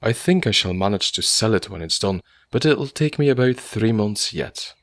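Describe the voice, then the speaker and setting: A man's voice: on the low side, expressive, moderate pace, a bit bright, dry recording, studio quality, voice pushed up. A man voicing a poor young writer who talks with easy good humour and earnestness. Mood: cheery. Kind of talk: audiobook character voice.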